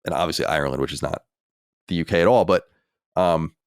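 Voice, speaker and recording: A man's voice: extremely low pitch, fairly quick, clear, resonant tone, dry recording, studio quality. An American man co-hosting a podcast, reading listener mail and musing in casual chat with lots of fillers. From United States. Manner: reads listener mail, then muses with many fillers. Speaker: podcast co-host.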